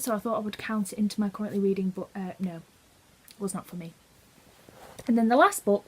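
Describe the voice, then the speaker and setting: A woman's voice: mid-range voice, a little mellow, husky, low-quality recording. A woman talking casually about books she is reading, chatty and opinionated, with small restarts as she thinks aloud. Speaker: book vlogger. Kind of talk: casual book review chat.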